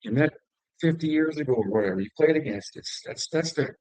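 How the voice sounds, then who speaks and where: A man's voice: fairly high pitch, expressive, brisk, a little mellow, dry recording, low-quality recording. Host guy, middle-aged, rambly friendly questions, dry sound. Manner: conversational, meandering with fillers. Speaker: interview host. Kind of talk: casual interview.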